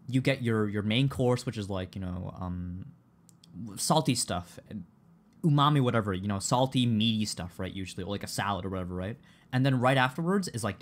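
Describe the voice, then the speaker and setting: A man streaming a game, chatting casually in a rambling, stammering, profane way. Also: medium pitch. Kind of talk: casual live-stream chat. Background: game music.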